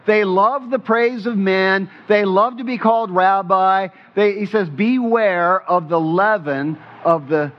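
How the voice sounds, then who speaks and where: Guy pastor preaching, highish voice, punchy rhetorical questions, slows down for scripture, kinda muffled lo-fi sound. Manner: emphatic, with rhetorical questions and repeated phrases; slows down when quoting scripture. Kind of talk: sermon.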